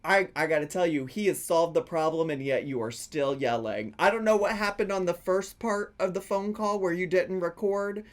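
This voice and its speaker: A man's voice: high voice, moderate pace, hardly any pauses. A man hosting a reaction video, giving sarcastic commentary and laughing often between his remarks.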